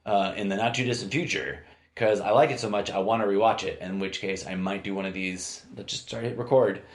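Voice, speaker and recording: A man's voice: fairly low pitch, steady tone, fairly quick. A man hosting a solo podcast, thinking aloud in a meandering, hesitant way with many fillers and restarts, recorded in a room at home. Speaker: podcast host. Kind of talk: rambling solo podcast monologue. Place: home room used as studio. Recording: echoey room.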